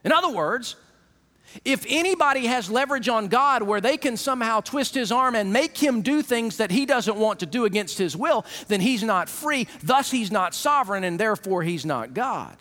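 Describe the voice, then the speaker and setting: A man preaching a sermon, animated and acting out the people he quotes. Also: extremely high pitch, moderate pace, long reverb tail. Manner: animated, acts out quoted voices.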